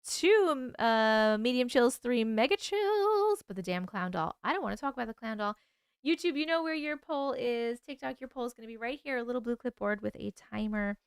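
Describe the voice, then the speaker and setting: A woman's voice: fairly high pitch, a little fast, clear, resonant tone, no room sound, clean studio sound. A woman hosting a late-night livestream, chatting sleepily with her viewers, swearing and yawning as she reacts to their stories. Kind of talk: casual livestream chat.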